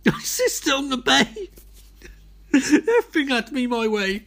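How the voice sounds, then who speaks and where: A high-pitched man hosts his podcast in a comic monologue, exhausted and unravelling. His voice leaps all over the place as he lurches between frantic, swearing rants and drained mumbling. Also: very animated, unhurried, gravelly, a bit bright. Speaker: podcast host.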